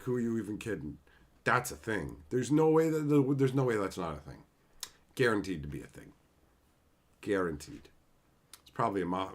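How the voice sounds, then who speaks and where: A man hosting a casual livestream, rambling and mocking with lots of swearing as he answers viewers in chat. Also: lowish voice. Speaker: livestream host.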